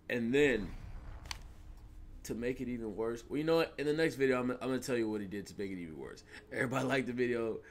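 A young man rambling through a gameplay commentary, animated and slangy, laughing as he tells stories and sounding a bit sniffly. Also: medium pitch, fast talker, a little hiss or hum. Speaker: gaming video host. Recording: gunfire and clicks under voice. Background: in-game gunfire.

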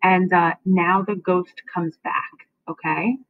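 A woman's voice: lowish voice, steady tone, takes it slowly, hardly any pauses, dry recording. Woman teacher explaining a play. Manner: checks in often with a questioning "okay?". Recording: dry, tinny phone-like sound.

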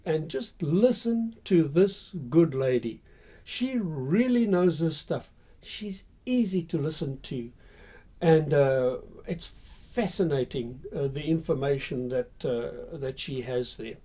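A man's voice: fairly high pitch, expressive, a little slow, dark tone. A man hosting a history channel, telling the story in a casual, conversational way with frequent fillers.

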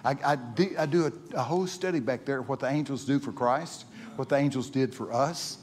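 Man, preacher, church sermon, folksy, repetitive, excited outbursts. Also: medium pitch, a little fast. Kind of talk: sermon with storytelling.

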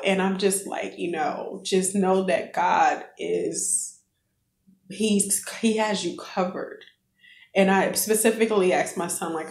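A woman's voice: fairly low pitch, steady tone, unhurried. A middle-aged woman vlogging, sharing an earnest faith testimony and talking straight to her viewers. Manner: earnest, preachy, addresses viewers as guys. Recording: echoey room.

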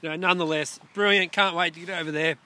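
An Australian man co-hosting a jokey sports show outdoors, with deadpan, absurd humour. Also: sits high, fast talker, heavy background noise. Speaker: co-host. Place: outdoors at a netball stadium.

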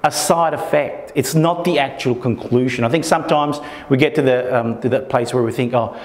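A man talks informally to a small meetup group and acts out the thoughts in people's heads. His voice is mid-pitched. The room gives it a long, echoing reverb. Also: normal speed. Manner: keeps checking in with the audience, acts out inner thoughts. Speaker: workshop presenter.

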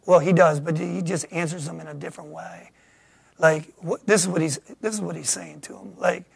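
High, gravelly-voiced preaching pastor. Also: male voice, fairly even intonation, brisk, no echo. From United States. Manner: swings from loud preaching to hushed whispers. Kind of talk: sermon. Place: church sanctuary.

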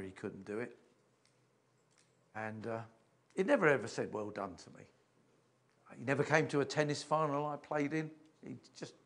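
Older man preaching emotionally. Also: on the high side. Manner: emotional, halting with repeats and restarts. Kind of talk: sermon. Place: church.

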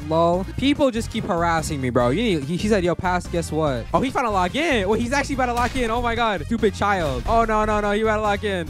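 Excitable young man over game music. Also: high-pitched. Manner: excitable, reads chat aloud in mocking tones, panicky bursts. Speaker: gaming youtuber. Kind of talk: gameplay commentary.

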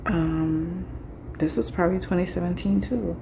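A woman's voice: on the low side, fairly even intonation, moderate pace, vocal fry, dark tone, a little hiss or hum. A young woman vlogging casually to her phone camera, chatty and emotional, talking straight to her viewers. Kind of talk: casual vlog talk to camera.

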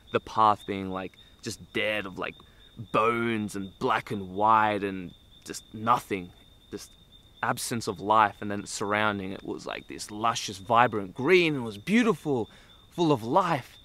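A man telling a long personal story in a casual, rambling way, full of "like"s and laughter. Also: lowish voice. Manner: animated, rambling, many "like"s and laughs. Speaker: vlogger telling a trip story.

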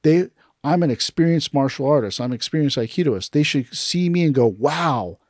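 This aikido instructor has a fairly high voice at normal speed, captured with clean studio sound and no room tone. Chatting casually on a podcast, he tells stories and livens up when imitating people he quotes.

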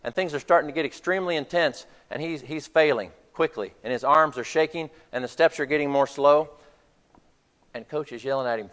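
A man's voice: on the high side, fairly quick, a bit bright. Male preacher with a long hall echo. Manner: storytelling, retelling a film scene. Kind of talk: sermon. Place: church hall.

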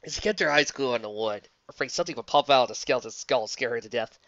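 Woman reading fanfic aloud, lowish voice, muffled dry recording. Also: racing, fairly bright tone, no room sound. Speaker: fan fiction reader. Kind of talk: storybook narration.

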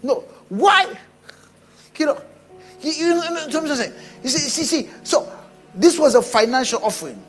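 A man preaching a sermon, animated and bursting into shouts. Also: extremely high pitch, normal speed, soft background music. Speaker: pastor.

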